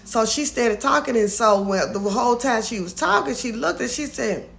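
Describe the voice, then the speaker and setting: A woman's voice: fairly high pitch, animated, moderate pace, creaky, a bit bright. A woman vlogger casually recapping a comedy skit, chatty and easygoing, slipping into the characters' lines as she retells scenes.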